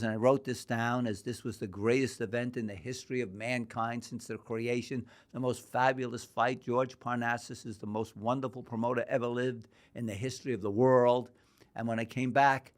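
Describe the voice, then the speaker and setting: An older man from New York, a guest in a podcast interview, telling long rambling anecdotes and acting out the dialogue. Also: mid-range voice. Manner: rambling anecdotal storyteller, acts out quoted dialogue. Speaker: guest, boxing historian.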